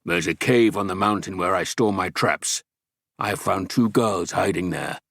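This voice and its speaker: A man's voice: low-pitched, moderate pace, creaky, a bit bright, dry recording, studio quality, exaggerated voice. A man voicing a big, cunning male mountain trapper who grunts and snarls with menace. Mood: gruff menace.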